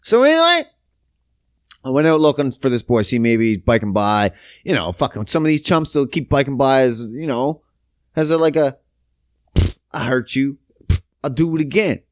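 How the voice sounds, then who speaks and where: A man in his thirties from Canada telling a story on his podcast, swearing often and swinging between loud outbursts and low mutters. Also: sing-song, moderate pace, pauses often, no room sound, studio quality. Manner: profane, emphatic, big pitch swings. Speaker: podcast host. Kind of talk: casual storytelling monologue.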